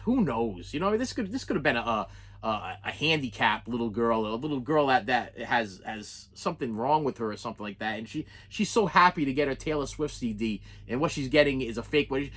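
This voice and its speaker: A man's voice: medium pitch, fairly bright tone. A middle-aged man ranting in an unscripted vlog, frustrated and repetitive, full of restarts. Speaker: collector vlogger.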